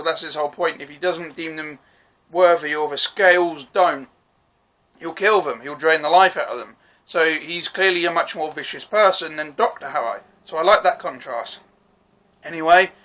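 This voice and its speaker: A man with a bright, slightly high voice talks through a TV episode he has just watched. He rambles, restarts his sentences and keeps apologizing for getting names wrong. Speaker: TV review vlogger. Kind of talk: casual spoken episode recap.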